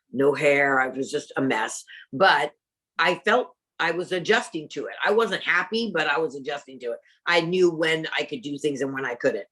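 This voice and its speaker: A woman's voice: deep voice, a bit bright. A middle-aged woman, an interview guest, candidly telling a personal story and acting out the dialogue.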